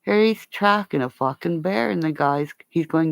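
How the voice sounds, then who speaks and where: A woman's voice: sits low, normal speed, vocal fry, no echo. A woman from Northern Ontario chatting on a livestream, rambling and swearing freely as she talks to her viewers by name and calls them darling. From Northern Ontario, Canada.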